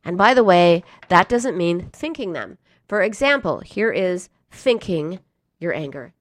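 A woman's voice: fairly low pitch, lively intonation, measured pace, no echo, clean studio sound. A grown woman talking straight to her listeners in a casual advice talk, earnest and emphatic, now and then acting out feelings in short bursts. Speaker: self-help speaker.

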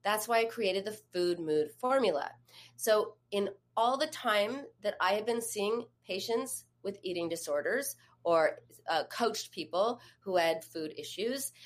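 A woman therapist and coach giving an advice talk, speaking conversationally and putting questions straight to the listener. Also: medium pitch. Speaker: eating disorder therapist and coach.

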